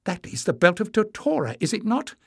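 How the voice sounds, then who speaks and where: A man reading an audiobook voices an excitable young man who talks in an eager, breathless way. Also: sits high, brisk, vocal fry, slightly rough, no echo, clean studio sound, pitched above the performer's own voice, heavily acted.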